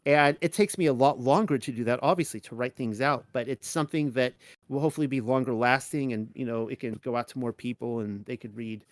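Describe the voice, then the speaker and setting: A man's voice: medium pitch, a little fast, dry recording. Rambling man teaching a dry Bible study. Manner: rambling, with many restarts and fillers. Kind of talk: casual spoken Bible study talk.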